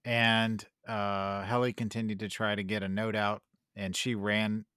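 Low-voiced man rambling casually. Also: level tone, unhurried, pushed and bright, clean tone, dry recording, clean studio sound. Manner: rambling, searching for words. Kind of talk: casual chat.

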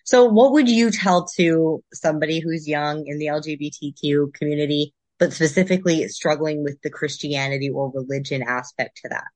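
A podcast host reacts to a guest's story with short, encouraging remarks, then asks a thoughtful question. The voice sits at a middling pitch. The recording is dry, with almost no room sound. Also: normal speed, hardly any pauses, no room sound. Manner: warm, encouraging interjections. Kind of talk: casual interview chat.

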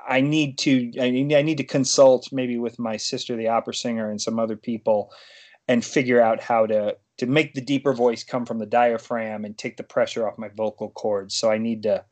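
A man's voice: mid-range voice, steady tone, moderate pace, darkish tone. A man talking as a podcast guest, telling long rambling stories and often breaking off to restart his sentences. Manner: rambling, self-interrupting storyteller. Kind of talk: casual interview chat.

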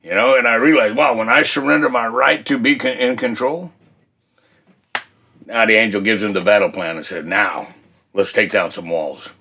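An older man telling his faith testimony in a folksy, colloquial, animated way. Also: mid-range voice, brisk, vocal fry, a little hiss or hum. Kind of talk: casual faith testimony storytelling.

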